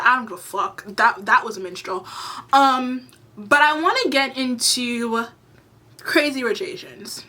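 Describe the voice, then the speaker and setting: Bright-voiced woman in a heated rant. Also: a little high, measured pace. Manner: heated, exasperated, swears freely. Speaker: YouTube commentator. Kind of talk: ranting commentary vlog.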